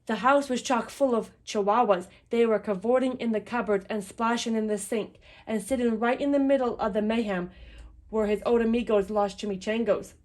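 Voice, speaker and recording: A woman reading a children's picture book aloud in an expressive, lively storytelling manner. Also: on the high side, moderate pace.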